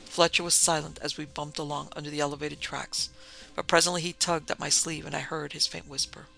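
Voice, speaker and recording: A man narrating an audiobook in a steady, evenly paced storytelling manner. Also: fairly high pitch, fairly quick, vocal fry, faint music behind.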